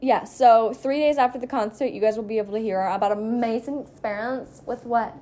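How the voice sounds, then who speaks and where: A young woman co-hosting a casual podcast, giggly and excitable as she chats. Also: fairly high pitch, fairly quick, a little hiss or hum. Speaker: podcast co-host. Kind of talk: casual chat.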